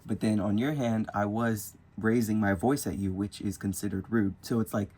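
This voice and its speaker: A man's voice: fairly low pitch, steady tone, moderate pace, darkish tone. A young man thinking aloud in a rambling, casual vlog about spirituality while drawing with colored pencils. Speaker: spiritual vlogger. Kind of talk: casual musing monologue.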